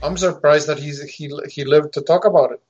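A man joining a casual chat by video call, halting and indignant, restarting his sentences often. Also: a little high, fairly even intonation, a little mellow. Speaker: guest. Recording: muffled lo-fi call audio.

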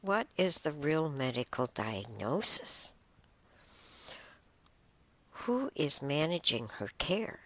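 A woman's voice: very deep voice, big pitch swings, a bit bright, no room sound. A woman reading posts aloud and commenting casually, emotional and exclamatory, sighing and stumbling over her laptop. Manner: emotional, exclaims and sighs, reads aloud haltingly.

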